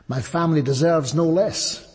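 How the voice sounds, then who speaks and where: A man voicing a greedy middle-aged farmer who speaks in slow, emphatic exclamations. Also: on the high side, darkish tone, husky, in a large hall, pitched above the performer's own voice. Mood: eager.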